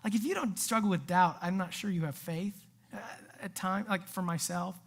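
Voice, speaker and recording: A woman preaching a sermon in a casual, animated way, full of asides and acted-out quotes. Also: on the low side, normal speed, gravelly. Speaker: youth pastor.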